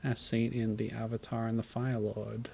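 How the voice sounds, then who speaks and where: A man with a gravelly, fry-edged voice talks through a web game in loose, casual commentary. He sounds worn out and low on energy, and he throws in dry, wry jokes at what is on screen. A faint hiss sits under his voice. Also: level tone, moderate pace, a little mellow. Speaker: streamer.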